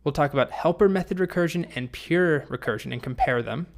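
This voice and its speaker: A man teaching a programming lesson, telling a story in a relaxed, conversational way with small restarts. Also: a little high, fairly quick, gravelly. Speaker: programming instructor. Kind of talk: recorded course lesson with a story.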